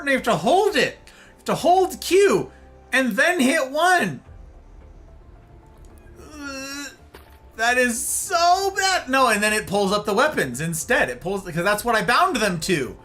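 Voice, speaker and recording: A man's voice: high voice, sharp tone. Exasperated man ranting on a game stream. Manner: exasperated, ranting about controls; talks to chat and a friend. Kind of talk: live gameplay stream chat.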